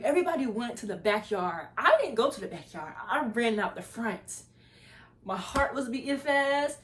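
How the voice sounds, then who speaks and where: A young woman vlogger recounts a tense night in an animated, casual way. Her voice sits a bit high, and she slips into the voices of the people she describes. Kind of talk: casual storytelling.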